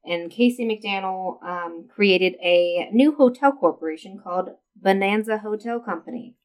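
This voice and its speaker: A woman co-hosting a casual podcast, telling a history story in a chatty, loose way. She leans on fillers and laughs often between facts. Her voice sits at a middle pitch. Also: measured pace, darkish tone, rough recording. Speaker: podcast co-host.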